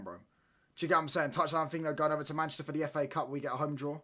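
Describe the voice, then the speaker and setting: Excitable slangy man streaming a football watchalong. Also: fairly high pitch, very fast. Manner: excitable, slangy banter, reacting live to play. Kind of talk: live football watchalong commentary.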